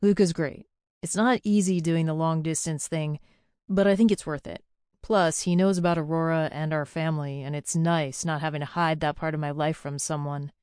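Lady reading as a gruff wry younger bro, low smooth voice, dry sound. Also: steady tone, normal speed, darkish tone, no echo, close to an everyday voice. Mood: candid. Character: blunt teasing young adult brother. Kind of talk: audiobook character voice.

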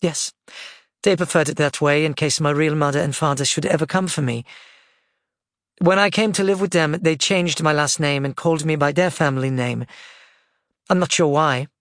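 A man voicing a gentle older grandmother. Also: fairly high pitch, normal speed, no echo, studio quality.

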